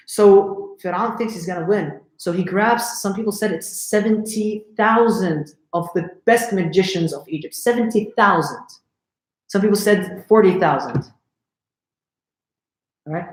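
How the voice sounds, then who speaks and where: A man's voice: high voice, unhurried. Man telling a religious story, echoey room. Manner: conversational, checks in with listeners often. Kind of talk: live religious story lesson. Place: lecture room.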